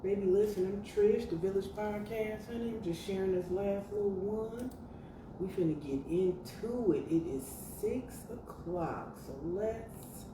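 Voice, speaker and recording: A woman hosting her podcast solo, talking in a sassy, profane, animated way, with lots of asides to her listeners. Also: mid-range voice, unhurried. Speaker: podcast host. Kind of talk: casual commentary monologue. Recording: roomy, distant mic with faint noise.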